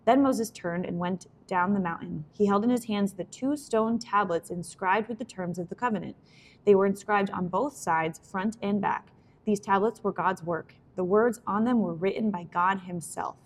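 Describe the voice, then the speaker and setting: A woman reads scripture aloud in a steady, even manner. Her pitch is middle of the range, and she corrects the odd slip without stopping. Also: moderate pace. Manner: steady reading with small self-corrections. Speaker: scripture reader.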